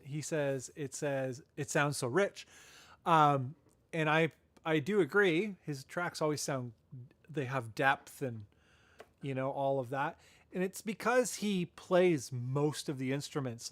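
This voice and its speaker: A man's voice: medium pitch, a bit bright, no echo. A man hosting a casual live podcast, chatting loosely with lots of fillers and self-corrections. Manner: laughs at his own asides. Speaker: podcast host.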